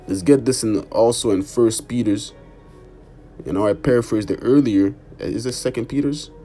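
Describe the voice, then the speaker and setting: A man's voice: mid-range voice, dark tone, slightly rough. A man preaching an informal sermon and reading scripture, emphatic, repeating "man" and cursing for emphasis. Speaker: street preacher.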